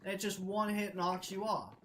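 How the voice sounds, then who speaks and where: Excitable young man retelling a game story. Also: high voice, moderate pace, a little hiss or hum, rough recording. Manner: excitable, swears constantly, laughs between lines. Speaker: streamer. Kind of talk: animated gaming story retelling.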